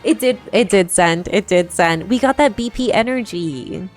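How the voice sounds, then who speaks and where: A young woman streams a game live at a normal speed, her medium-pitched voice set against soft background music. She chats casually, reads viewer messages aloud, and giggles frequently.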